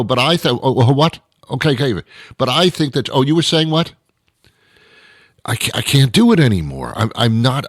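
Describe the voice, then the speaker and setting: A man's voice: medium pitch, fairly bright tone, dry recording, studio quality. A man hosting a show, delivering an exasperated comedic rant monologue full of stumbling restarts. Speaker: show host.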